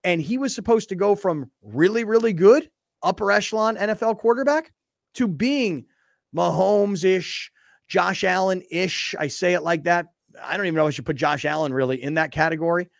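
A man hosting a sports talk show, chatting casually in an animated, mocking way. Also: sits high, moderate pace, creaky, no echo, studio quality. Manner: animated, mocking, shifts into impressions. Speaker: sports radio host.

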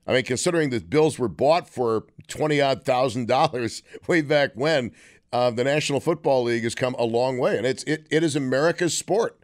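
A man's voice: medium pitch, normal speed. Wry man hosting call-in radio. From Western New York. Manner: wry, sarcastic banter. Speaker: radio talk show host.

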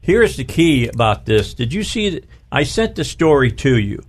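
A man's voice: medium pitch, sing-song, moderate pace. A middle-aged man hosting a talk radio show from his studio, rambling and restarting his sentences, stretching out words for emphasis.

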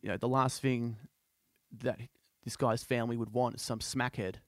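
A man's voice: medium pitch, steady tone, moderate pace, dry recording, studio quality. A man on a podcast casually retelling a story he heard, rambling with lots of fillers. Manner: rambling, many fillers like "you know" and "like". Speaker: podcast host.

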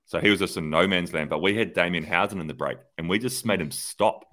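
A man's voice: low voice, quick pace. A man co-hosting a cycling podcast, animatedly retelling race tactics in casual chat. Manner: animated storyteller, acts out radio exchanges. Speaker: podcast co-host, former pro cyclist.

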